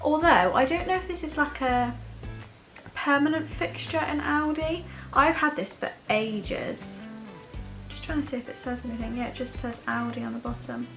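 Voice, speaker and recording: A woman's voice: high-pitched, moderate pace, fairly bright tone, soft background music. Chatty young woman vlogger. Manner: chatty, rambling, self-deprecating asides. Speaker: beauty vlogger. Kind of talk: casual chat to camera.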